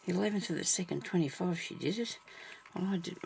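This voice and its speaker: A woman vlogging as she sews, chatting casually to herself and the viewer, often trailing off mid-thought and sometimes dropping to a soft whisper. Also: fairly low pitch, fast, vocal fry, a little hiss or hum. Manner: drops to soft whispers at times. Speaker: sewing vlogger. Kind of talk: casual thinking aloud while stitching.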